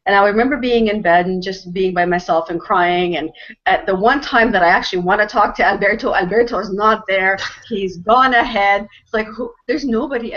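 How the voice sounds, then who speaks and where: A woman from Canada, host and storyteller, telling a personal story in an earnest, emotional way with frequent restarts. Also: mid-range voice. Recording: dull lo-fi audio.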